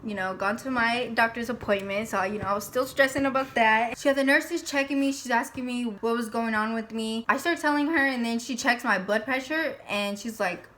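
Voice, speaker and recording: A young woman with a fairly high voice tells a personal story to her camera in a loose, chatty way. She slips into quoted lines of the people she talks about. A faint hiss sits under the recording. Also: fairly quick, hardly any pauses, a bit bright. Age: young adult. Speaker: vlog host.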